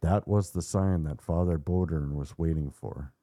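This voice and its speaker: A man hosting a podcast, retelling a story in a measured, dramatic way. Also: low-pitched, warm tone, no room sound, studio quality. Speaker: podcast host.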